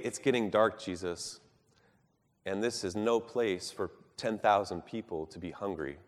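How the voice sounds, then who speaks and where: A man preaching a sermon in an earnest, measured way, rising for emphasis and dropping soft at the ends of thoughts. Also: on the low side, in a large hall.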